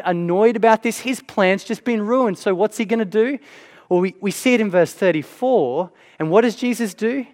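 Preaching to his congregation, a man with a high-pitched voice speaks as if chatting with them, frequently tossing in "right?" The big hall gives his words a long, ringing reverb.

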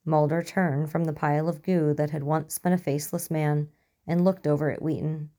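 A woman narrating a story in an even, measured way. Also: deep voice.

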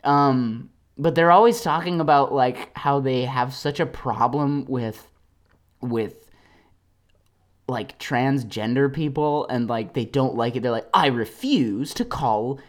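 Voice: medium pitch, takes it slowly. Rambling, laughing solo podcaster. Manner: rambling, lots of fillers, frequent laughter. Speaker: podcast host.

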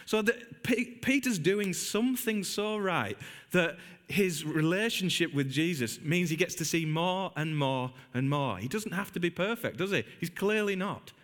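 Man, preacher, animated sermon storytelling, church. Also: sits high, moderate pace. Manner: animated storytelling, acts out biblical characters.

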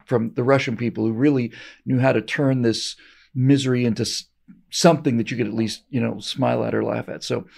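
Gravelly husky guy hosting a commentary show, emphatic, repeats himself a lot. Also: medium pitch, a little mellow. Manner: emphatic, repeats words when restarting. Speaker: show host. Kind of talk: political commentary.

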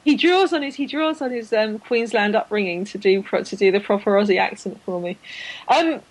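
A woman's voice: medium pitch, normal speed, a little hiss or hum, rough recording. Chatty woman podcast host, rambling and enthusiastic. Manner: chatty, rambling with many fillers and restarts. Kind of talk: casual chat.

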